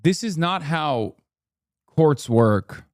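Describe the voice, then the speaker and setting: A man's voice: fairly high pitch, animated, extremely slow, no room sound, clean studio sound. A man from the United States hosting a livestream, giving casual, sarcastic commentary in an offhand way. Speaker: livestream host and political commentator.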